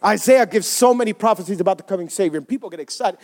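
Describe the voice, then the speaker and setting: High-voiced impassioned male pastor preaching. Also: racing. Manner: impassioned preaching, climbs high when voicing prayers. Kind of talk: sermon. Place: church.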